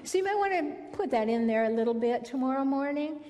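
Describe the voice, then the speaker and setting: Middle-aged woman giving a spiritual talk, storytelling, kinda high voice, big echoey hall. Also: animated, fairly quick. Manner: warm storytelling, spiritual, gently emphatic. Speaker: relationship speaker. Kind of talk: inspirational talk to an audience. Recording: long hall reverb.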